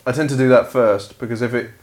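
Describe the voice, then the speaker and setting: A man's voice: mid-range voice, fairly even intonation, quick pace, a little mellow. Dry, blunt man, casual swearing. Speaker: podcast co-host. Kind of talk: casual chat.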